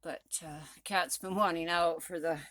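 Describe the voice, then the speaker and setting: A woman's voice: on the low side, fairly even intonation, normal speed, a bit bright, dry recording, studio quality. A woman chatting casually into her phone at home in a rambling morning vlog, laughing often. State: out of breath after rowing. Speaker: vlogger. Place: home, indoors. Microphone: phone held in hand.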